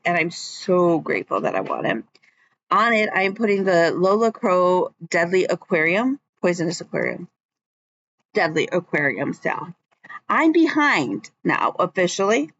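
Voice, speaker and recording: A woman's voice: fairly low pitch, fairly bright tone, no echo, dull audio. A woman vlogging about her stitching at home in a rambling, chatty way, with many ums. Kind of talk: casual chat.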